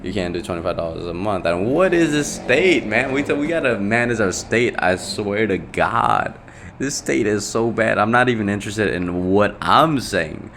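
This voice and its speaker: A man's voice: fairly low pitch, measured pace, a bit bright, slight background noise. A young man talking on his own in a casual podcast monologue, rambling, correcting himself and swearing freely. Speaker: podcast host.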